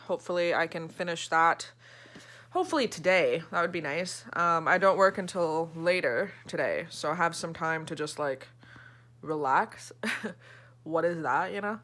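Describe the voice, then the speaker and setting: A woman's voice: fairly low pitch, fairly bright tone. A woman book vlogger chatting casually about her reading, laughing often and swearing now and then. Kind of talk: casual vlog chat.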